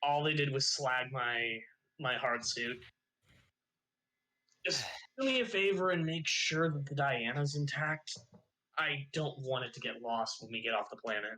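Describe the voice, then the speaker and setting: A man's voice: mid-range voice, a little slow, bright, forceful tone, poor audio. A man voicing a wounded, tough female pilot with wry, understated bravado.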